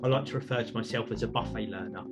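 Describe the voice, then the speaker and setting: A man's voice: lowish voice, rapid-fire, gravelly, music in the background. A man hosting a podcast, chatting casually in an upbeat, self-reflective way. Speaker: podcast host.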